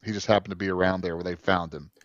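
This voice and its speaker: A man with a low voice chats loosely about a film, piling up fillers and restarts. His voice sits dry and close, with no room around it, and the sound is a little dull and muffled. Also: fairly even intonation, racing, no echo. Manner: rambling, many fillers and restarts. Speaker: podcast co-host. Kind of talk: casual movie review chat.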